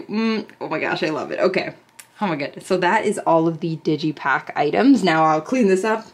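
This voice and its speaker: Gushing woman unboxing a music album. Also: lowish voice. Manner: gushing, excitable fan talk. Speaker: unboxing vlogger. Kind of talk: casual unboxing chat.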